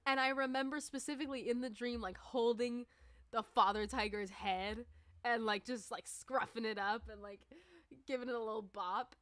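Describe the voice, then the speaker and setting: A woman's voice: a little high, fairly even intonation, normal speed, fairly bright tone, no echo. Chatty woman streamer with a dry close sound. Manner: rambling, chatty, many "like" fillers. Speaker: livestreamer and musician. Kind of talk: casual livestream chat.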